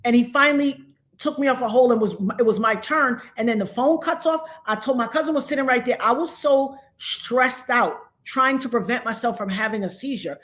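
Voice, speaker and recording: A woman from Trinidad, a guest on a live stream, telling a story in a dramatic, animated way over a call mic. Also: a little high, brisk. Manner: dramatic, animated retelling with acted-out quotes. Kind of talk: casual storytelling.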